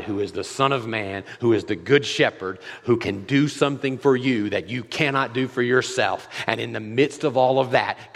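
A male pastor preaching a sermon, moving between hushed, quiet passages and loud, impassioned climaxes. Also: lowish voice, vocal fry, in a large hall.

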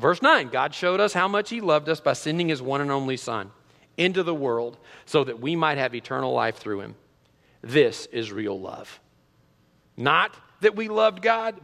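A middle-aged man pastor preaching a sermon in a church, animated, full of rhetorical questions and restarts. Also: mid-range voice, gravelly, in a large hall. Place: church sanctuary.

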